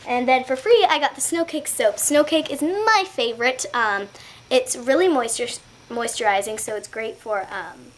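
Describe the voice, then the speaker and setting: A woman's voice: a little high, a little hiss or hum. Chatty giggly young woman. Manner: chatty and giggly, many fillers and asides. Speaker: beauty vlogger. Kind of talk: casual haul video chat.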